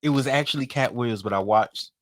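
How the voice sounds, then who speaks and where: A man's voice: mid-range voice, brisk. A man co-hosting a podcast, chatting casually, laughing often and repeating himself to make a point. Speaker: podcast co-host. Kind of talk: casual chat.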